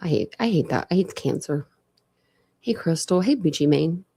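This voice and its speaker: This is casual livestream talk from a young woman in Ohio who hosts true crime content and wears a dental retainer while she speaks. Her low, dark voice is creaky and slightly rough, expressive, at a moderate pace. She rambles and chats with viewers, leaning on "like" a lot.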